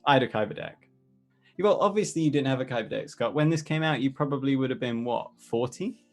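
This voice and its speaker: A man's voice: medium pitch, soft background music. A man playing a tabletop game who teases the others and laughs a lot over a voice call. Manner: teasing, quick-witted, laughing. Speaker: player. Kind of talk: casual banter over a voice call.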